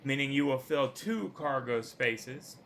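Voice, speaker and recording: A man's voice: mid-range voice, unhurried. A man running a tabletop game as game master, joking and explaining the rules. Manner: animated, jokey, rules-minded. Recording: live stream with faint background noise.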